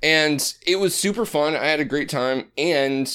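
A man's voice: on the high side, unhurried, sharp tone, smooth. Give me a chatty, profane man in his thirties co-hosting a podcast. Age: 30s. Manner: profane, rambling, drops into put-on announcer voice. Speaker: podcast co-host. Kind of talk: casual chat.

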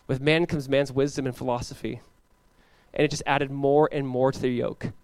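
A man's voice: medium pitch, no echo. A man preaching an expository sermon as pastor, acting out the characters he talks about. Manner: animated, acts out biblical characters in quick voices.

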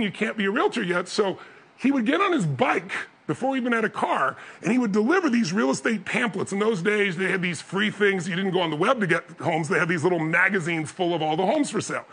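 A man telling a story as a motivational speaker, acting out the other people's voices and building up to loud peaks. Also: high voice, slightly rough. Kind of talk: storytelling talk.

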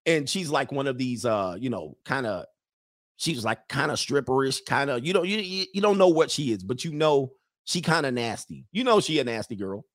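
Animated man mocking a clip. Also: medium pitch, normal speed, no room sound, clean studio sound. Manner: animated, mocking impressions, laughs often. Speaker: commentator reacting to a video. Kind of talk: comedic reaction commentary.

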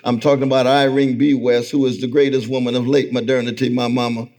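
A man's voice: mid-range voice, level tone, quick pace. Man lecturing with a rousing preacher cadence. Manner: rhythmic preacher cadence, swells to near-shouting and calls out to the crowd. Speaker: guest lecturer. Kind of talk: sermon-like public lecture. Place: event hall before a live audience.

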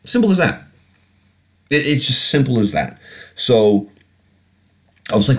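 A man's voice: mid-range voice, a little slow. A man hosting a podcast, ranting bluntly and swearing often, with plenty of ums and restarts. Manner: blunt, sweary, animated ranting with frequent fillers. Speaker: podcast host. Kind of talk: casual solo podcast rant.

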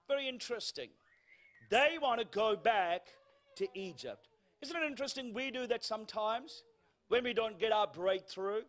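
A man preaching a sermon in a church, telling a funny story and acting out the lines of the people in it, with quoted voices sinking to a hush. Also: high voice, expressive, moderate pace. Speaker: guest preacher.

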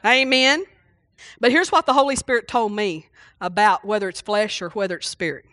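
A middle-aged woman pastor, preaching a folksy, animated sermon and acting out little exchanges. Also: mid-range voice, normal speed, no room sound.

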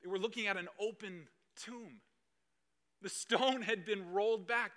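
A man performing an emotional first-person dramatic monologue, swinging between hushed lines and loud outbursts. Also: high voice, a little slow. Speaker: dramatic storyteller.

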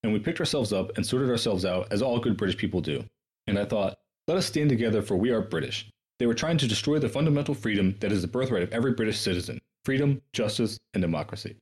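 A man talks quickly in a husky, slightly low voice, reading historical passages on a casual podcast. He breaks off often to swear and mock what he has just read, then carries on. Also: expressive, darkish tone. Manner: profane, sarcastic, reads quotes then riffs. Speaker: podcast co-host.

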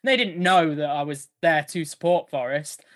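A man's voice: a little high, moderate pace. A man chatting on a football podcast, telling a story with slang and laughter. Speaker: podcast co-host. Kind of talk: casual podcast chat.

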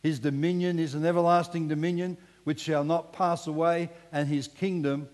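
A man's voice: on the high side, moderate pace, hardly any pauses. Preaching man in a reverberant church hall. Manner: animated preaching, drops to hushed emphasis, acts out voices. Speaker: pastor. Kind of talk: sermon.

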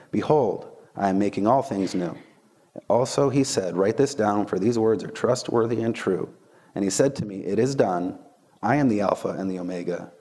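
A man preaching a casual sermon, conversational and animated, often checking in with the listeners with "right?" and "okay?". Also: fairly low pitch. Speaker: preacher and Bible teacher.

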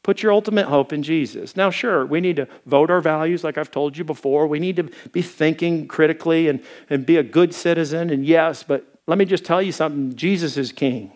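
Animated high-voiced preacher from Arkansas. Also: male voice, a little fast, few pauses. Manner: animated, conversational preaching with quoted asides. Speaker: pastor. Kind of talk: sermon.

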